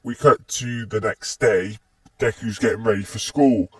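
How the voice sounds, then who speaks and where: Unhurried male storyteller reading fan fiction, mic at a distance. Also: fairly low pitch, slightly rough, no echo. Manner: plain, unhurried, repeated "just says". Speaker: narrator.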